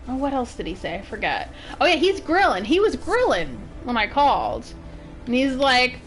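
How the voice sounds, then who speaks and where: A woman's voice: fairly high pitch, big pitch swings, normal speed, soft background music. A woman from Massachusetts giving casual, rambling commentary while streaming a game. She laughs often.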